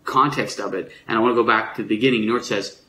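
A man delivers a sermon in a conversational, teaching manner. He often pauses and restarts as he explains. The recording sounds roomy and echoey, with a faint hum of ambience behind him. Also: lowish voice, fairly even intonation, bright, forceful tone. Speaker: preacher.

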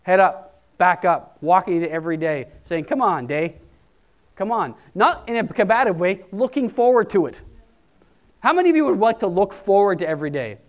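Speaking slightly quickly in an animated voice that sits high, a pastor delivers a conversational, emphatic sermon. He imitates people with put-on voices when quoting them.

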